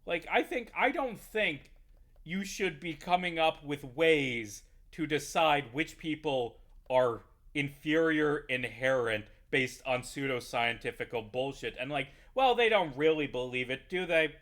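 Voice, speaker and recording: Ranting, profane man with a high voice. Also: expressive, measured pace, a bit bright. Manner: heated, profane, rambling rant. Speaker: YouTuber playing a game. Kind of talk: ranting gameplay commentary.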